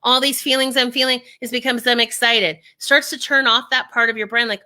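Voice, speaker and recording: Energetic lady coach, sharp bright tone, kinda high, acts out voices. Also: fairly quick, hardly any pauses. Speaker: guest speaking coach. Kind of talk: interview, explaining techniques.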